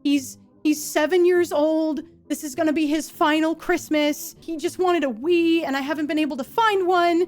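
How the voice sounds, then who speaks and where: Earnest, heartfelt mother, high voice, played by the narrator. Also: steady tone, normal speed, hardly any pauses, faint music behind, natural voice. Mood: grateful. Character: grateful tearful mother, soft and earnest.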